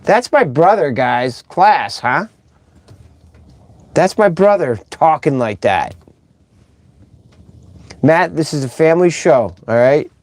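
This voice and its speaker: A man's voice: on the high side, lively intonation, slow pace, long pauses, darkish tone, no room sound. A middle-aged man hosting a casual live stream, rambling and chatty as he reads out viewer comments.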